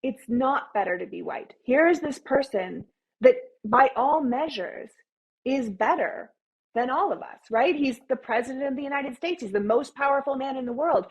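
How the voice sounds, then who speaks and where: Husky-voiced woman, emphatic. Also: high voice, expressive, moderate pace, rough recording. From Canada. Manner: emphatic, opinionated, builds points in long runs. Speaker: podcast guest. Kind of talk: casual interview talk.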